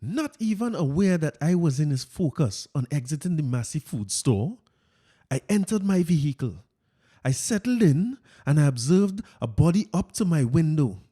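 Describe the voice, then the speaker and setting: A man's voice: fairly high pitch, sing-song, moderate pace, mellow. A man reading aloud as a stiff, formal male government minister, in wordy, stilted officialese.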